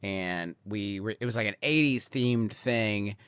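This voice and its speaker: A man's voice: lowish voice, measured pace, smooth, no echo. A man in his forties, a podcast co-host telling a rambling comic story about a family outing. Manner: rambling, builds to excited laughing. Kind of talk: comedic storytelling.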